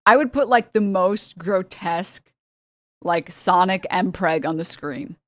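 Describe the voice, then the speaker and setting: A woman's voice: on the low side, unhurried, no room sound. A woman streamer rambling through casual reaction commentary, cursing freely and breaking into laughs. The recording is dry and close, with no room sound. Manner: rambling, profane, laughing often.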